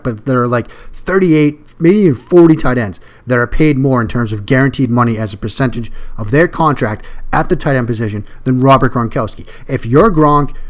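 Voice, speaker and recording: Male podcast host, solo sports commentary, conversational, emphatic, medium pitch. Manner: conversational, emphatic, repeats words when stressing a point.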